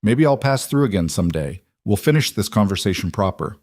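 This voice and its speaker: A man voicing a tired, quietly defiant old gunslinger in a western story, speaking quietly and flatly. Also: fairly low pitch, a little fast, no room sound, studio quality. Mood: quiet defiance. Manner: quiet, flat, world-weary.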